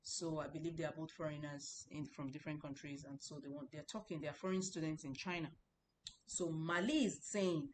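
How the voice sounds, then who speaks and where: Lady teaching chinese, lowish voice, repeats words over and over, bit of faint hiss behind. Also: steady tone, brisk. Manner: patient and repetitive, drilling pronunciation aloud. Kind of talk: explanatory online lesson.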